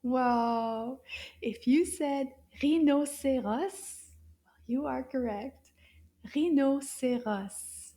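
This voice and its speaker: A woman teaching young children words in a slow, gentle way. She often drops into soft whispers and gasps with surprise. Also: sits high. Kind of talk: slow kids' lesson, words repeated.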